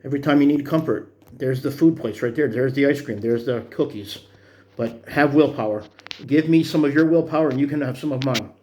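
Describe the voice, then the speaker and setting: A man's voice: medium pitch, brisk, mellow. Fifties guy vlogging his workout progress, earnest, encouraging, kinda rambly. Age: 50s. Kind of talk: motivational fitness vlog.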